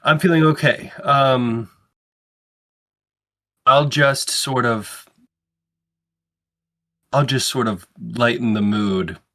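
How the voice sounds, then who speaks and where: A man's voice: mid-range voice, slow, long pauses, bright, forceful tone. A man playing an anxious, awkward character who rambles and doubts himself in a tabletop game. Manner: nervous, rambling, self-doubting. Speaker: player. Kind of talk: in-character tabletop role-play.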